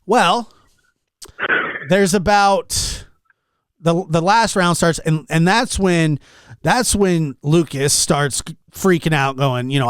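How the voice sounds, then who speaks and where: Animated man telling a story on a podcast. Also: fairly high pitch, slow pace, smooth, no echo. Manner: animated, exasperated storyteller acting out quotes. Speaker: podcast host.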